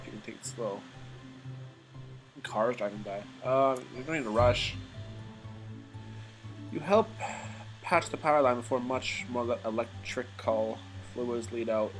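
Let's play guy, mid-pitched, joking, reads game text, faint music behind. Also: rough recording. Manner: casual, joking, swears at times. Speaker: gamer.

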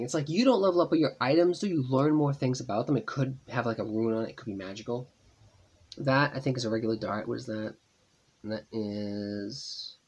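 A man's voice: mid-range voice, darkish tone, husky. A man casually commenting on his gameplay, chatty and rambling, thinking aloud as he plays. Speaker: gaming channel host. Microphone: tablet gameplay voice-over.

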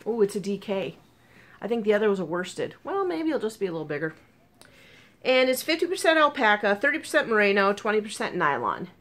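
A woman vlogger chatting casually about crochet projects, gushing and excitable with frequent ums, talking with a sore burnt tongue. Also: mid-range voice, brisk. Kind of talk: casual chat.

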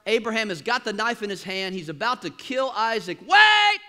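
A man preaching a sermon in a church, animated, with sudden loud bursts and quieter asides. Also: high-pitched, fairly quick. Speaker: pastor. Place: church auditorium.

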